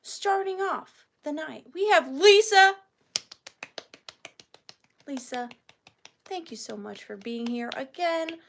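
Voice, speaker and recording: A young woman with a high, bright-sounding voice hosts a live vintage sale. She chats in a bubbly, playful way and greets her viewers one by one. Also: lively intonation, slow, pauses often, a little hiss or hum. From Georgia, US. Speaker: online vintage seller hosting a live sale.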